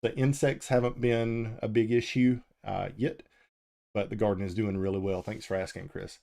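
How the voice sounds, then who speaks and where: A man's voice: fairly low pitch, moderate pace, gravelly. A man hosting a live firearms show, talking casually and answering viewers' chat questions, with frequent ums and uhs. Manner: relaxed and conversational, with frequent "uh" and "um".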